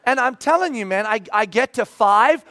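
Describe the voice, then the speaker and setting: A man in his forties preaching a sermon, telling a personal story in an animated way, with bursts of shouting when he acts out scenes. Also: very high-pitched, normal speed. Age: 40s. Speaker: pastor.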